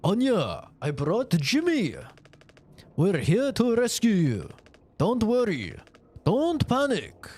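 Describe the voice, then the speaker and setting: A man's voice: high-pitched, huge pitch swings, takes it slowly, a little mellow, husky, heavily acted. An actor playing a panicky young male crewmate on a stranded ship, pleading for help. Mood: reassuring. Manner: frantic, pleading.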